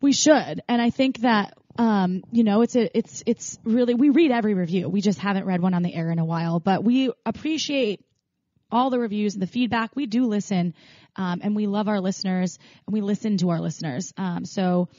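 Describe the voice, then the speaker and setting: A woman's voice: medium pitch, fairly quick, mellow, dry recording. A chatty woman co-hosting a podcast, talking in a loose, conversational way with plenty of fillers and restarts. Her voice sits in a middle register. It is recorded very dry, with a dull, muffled sound. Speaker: podcast co-host. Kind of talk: casual podcast chat.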